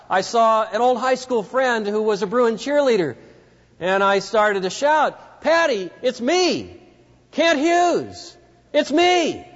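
A man preaching a sermon, telling a story vividly and speaking directly to his listeners. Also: high voice. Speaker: pastor. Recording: dull lo-fi recording with long hall reverb.

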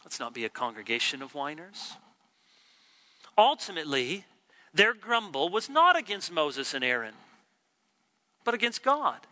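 A middle-aged man preaching a sermon, acting out the complaints he quotes with lively swings in pitch and volume. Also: a little slow, pauses often. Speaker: pastor.

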